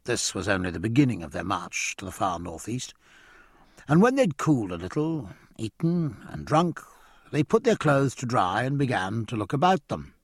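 A man narrating a story in a measured storytelling manner. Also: medium pitch, very animated, breathy edge, no room sound, studio quality. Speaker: audiobook narrator. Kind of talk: scripted narration.

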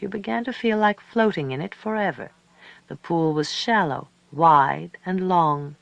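A man narrating a story aloud in a calm, measured, reflective way. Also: high-pitched, gravelly, no echo, muffled recording. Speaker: audiobook narrator. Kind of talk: scripted narration.

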